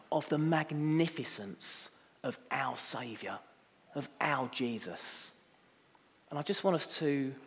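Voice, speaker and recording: A man preaching a sermon as pastor, rising to impassioned emphasis and dropping to quiet reflection. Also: mid-range voice. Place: church. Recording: long reverb of a church hall.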